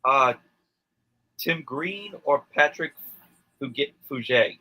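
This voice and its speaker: A man's voice: mid-range voice, lively intonation, slow, highs cut off. A man acting as quizmaster, reading trivia questions in a plain, matter-of-fact way during casual chat.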